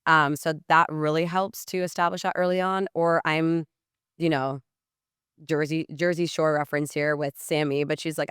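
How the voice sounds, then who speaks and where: A woman's voice: deep voice, normal speed, clear, resonant tone, no room sound, clean studio sound. A woman talking as a guest on a podcast interview. She is blunt, swears freely and says "like" a lot. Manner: acts out messages in lively quoted voices. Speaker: podcast guest, sales coach. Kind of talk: casual podcast interview talk.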